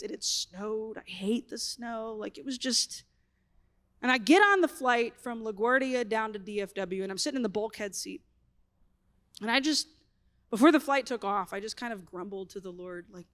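A woman tells a story from the stage. She sits a little above the usual pitch for a woman and talks in a loose, animated way that is full of "like" fillers. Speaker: speaker. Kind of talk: storytelling conference talk.

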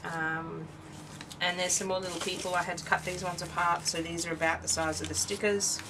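A tired Australian craft host talks briskly in a lowish, level voice as she shows off her work. She rambles chattily, breaking off mid-sentence, and she's far from the mic with background noise.

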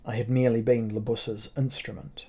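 Male audiobook narrator, measured and grave, dark mellow voice, flat delivery. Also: medium pitch, creaky, slightly rough. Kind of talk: first-person audiobook narration.

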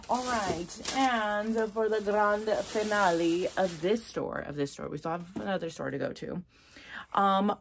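A young woman chatting casually through a thrift haul, excitable and full of filler words. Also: fairly low pitch, vocal fry.

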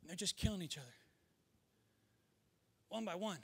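A male pastor preaching an animated, comedic sermon, acting out scenes with shouts and sound effects. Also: high-pitched, moderate pace, gravelly, husky. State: winded. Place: church sanctuary.

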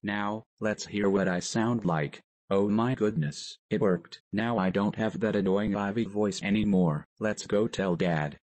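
A small boy with a new voice in a computer-voiced cartoon, spoken by a very deep synthetic male voice. The delivery is flat and mechanical. The sound is dry and close. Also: measured pace, few pauses, dry recording. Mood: pleased. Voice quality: synthetic text-to-speech voice. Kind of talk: text-to-speech animated skit.

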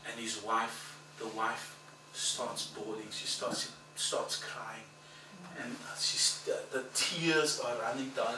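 Animated pastor preaching in an echoey hall. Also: male voice, mid-range voice, slow, background noise. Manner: animated storyteller, acts out dialogue, laughs at own story. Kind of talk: storytelling sermon. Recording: echoey hall, mic at a distance, background ambience.

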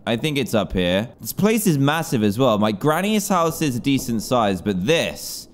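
Gaming host, young man, jumpy horror commentary, very lively pitch. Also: moderate pace. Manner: excitable, jumpy, yelps and panics at scares. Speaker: gaming YouTuber.

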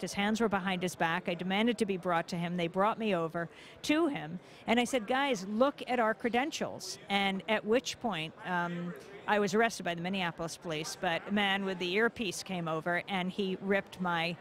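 Woman reporter as interview guest, urgent and indignant, medium pitch. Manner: urgent, rising to indignant emphasis. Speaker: news host, interview guest. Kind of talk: interview, personal account. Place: convention hall.

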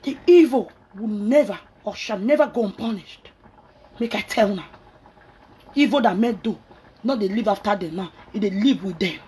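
A woman's voice: medium pitch, expressive, moderate pace, warm tone, breathy edge. A Nigerian woman vlogger ranting angrily and scolding, mixing in pidgin. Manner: angry, scolding, mixes pidgin and Yoruba. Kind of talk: angry rant.

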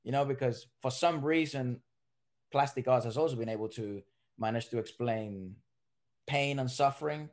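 A man's voice: medium pitch, normal speed. A man hosting a podcast in casual chat, rambling with many restarts. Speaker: podcast host.

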